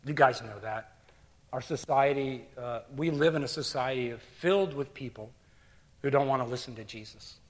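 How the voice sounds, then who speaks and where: A middle-aged man preaching a sermon as pastor, earnest, dropping to hushed near-whispers and rising to loud emphatic bursts. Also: medium pitch, moderate pace.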